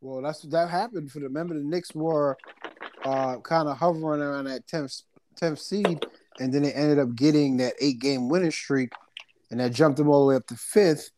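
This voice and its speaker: A man's voice: on the high side, fairly even intonation, moderate pace, noisy background. A man co-hosting a casual sports talk show, playful and teasing, trailing off while he looks things up. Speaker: podcast co-host.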